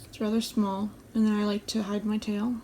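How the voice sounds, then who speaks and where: Calm woman explaining a craft tutorial. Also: mid-range voice, moderate pace, slight background noise. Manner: calm, step-by-step explaining while stitching. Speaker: embroidery channel host.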